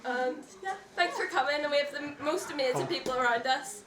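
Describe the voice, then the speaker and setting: Young woman, high voice, tearful, laughing through tears, broken sentences, echoey room, distant mic, loud crowd. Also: a little fast. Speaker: family member giving a party speech.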